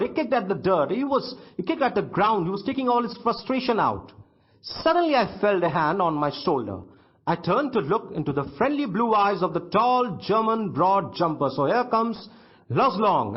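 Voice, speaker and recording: A man's voice: high voice, breathy edge. A male schoolteacher with an Indian English accent, reading a story to his class and then retelling each line in simpler words, often stumbling and repeating himself. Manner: halting, repeats words and restarts sentences. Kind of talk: classroom literature lesson, reading aloud and explaining. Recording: dull lo-fi recording.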